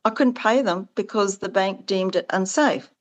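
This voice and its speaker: A woman's voice: medium pitch, normal speed. A woman being interviewed as the founder of a farming support business, talking earnestly and with animation, her voice jumping up when she acts out quoted exchanges. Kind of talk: conversational interview.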